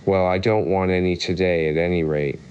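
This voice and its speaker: A man's voice: low voice, fairly even intonation, fairly quick, darkish tone, highs cut off, slight background noise, close to an everyday voice. A man reading an audiobook voices Alice, a polite, curious young girl who speaks timidly and courteously.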